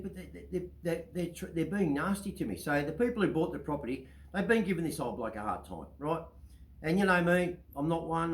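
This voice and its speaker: A man's voice: fairly high pitch, echoey room, rough recording. A man with an Australian accent, hosting his own show and telling a long story in a casual, rambling way, often checking in with "right?". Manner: chatty, keeps asking "right?". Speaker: storyteller host.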